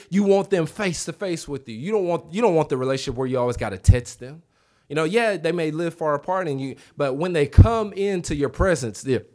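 A man in his thirties preaching a revival sermon in a church, conversational, with asides to the congregation and a voice that jumps up when he acts out what people say. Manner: animated, voice rising high when acting out quotes. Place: church sanctuary.

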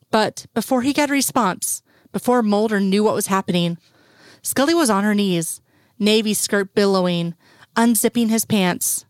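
A woman reads a story aloud in a steady, unhurried voice of middling pitch. She sits close to the mic in a dry space with no room sound. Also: dry recording. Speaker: reader. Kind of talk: reading fiction aloud.

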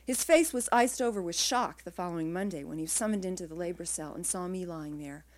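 A woman author reading her own first-person prose aloud at a live literary reading, in a measured, quiet way. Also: fairly low pitch.

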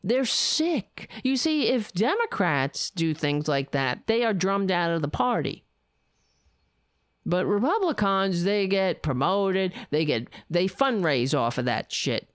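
A woman's voice: lowish voice, sing-song, slow, no echo, studio quality. A middle-aged woman hosting a casual livestream, ranting bluntly and chatting with her viewers and her cats. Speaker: livestream host. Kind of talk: casual political livestream chat.

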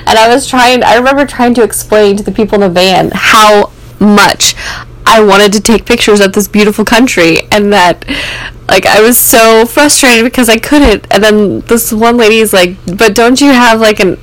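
A woman's voice: medium pitch, moderate pace, dry recording, low-quality recording. A young American woman, host of the show, telling a personal story in a candid, rambling way full of "like" and "um". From United States. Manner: candid, rambling, many fillers and "like".

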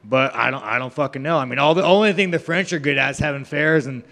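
A man's voice: mid-range voice, fast talker, fairly bright tone. A man, a professional fighter, giving rambling, profane, mocking answers to reporters. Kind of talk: media scrum answers. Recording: reverberant room.

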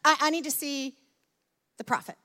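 A proud army commander brags and blusters in a high, bright voice, as a woman preacher acts him out. He sounds brash and a little whiny. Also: normal speed. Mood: boastful.

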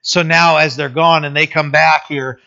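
A male pastor giving a conversational sermon, with many fillers and restarts, who slows down to read scripture aloud. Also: fairly high pitch, fairly even intonation, creaky, sharp tone, dull audio. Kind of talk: sermon, informal Bible teaching.

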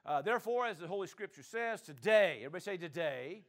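A man preaching a sermon, calling on the congregation to answer and swinging between loud declarations and quiet asides. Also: high voice, animated, fast. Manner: call-and-response preaching, swings from loud to soft. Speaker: pastor.

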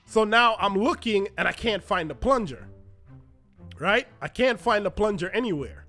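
Male podcast host, high bright voice, animated self-mocking storyteller, faint music underneath. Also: moderate pace. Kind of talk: personal storytelling monologue. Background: faint background music.

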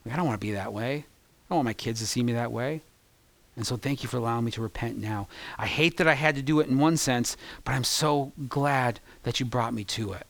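A man's voice: mid-range voice, no echo. Impassioned male pastor preaching. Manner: impassioned, swinging from loud peaks to hushed, confessional asides. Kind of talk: sermon.

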